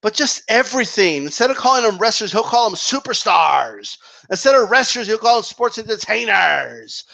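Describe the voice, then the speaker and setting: High, bright-voiced man ranting. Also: sing-song, normal speed, gravelly. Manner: exasperated, profane, repeats "okay?" and "right?". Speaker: wrestling commentary vlogger. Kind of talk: ranting opinion monologue.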